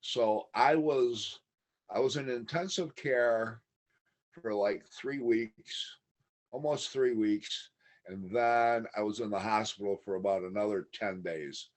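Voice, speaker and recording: A man's voice: on the low side, slow pace. A man talking as a podcast guest, telling a long personal story in a candid, matter-of-fact way. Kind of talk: casual interview storytelling.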